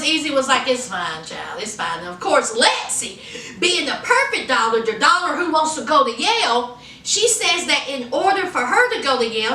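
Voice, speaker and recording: A woman's voice: high-pitched, bright, forceful tone, roomy sound, far from the mic, rough recording. A woman recapping a TV episode in a sassy, chatty way, calling her viewers honey and child. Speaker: TV episode reviewer. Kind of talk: casual TV recap.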